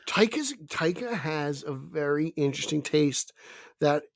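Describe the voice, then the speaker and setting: A man's voice: fairly high pitch, animated, measured pace, gravelly, no room sound, studio quality. A young man talking casually as a podcast co-host, rambling with many fillers and stammered restarts. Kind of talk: casual chat.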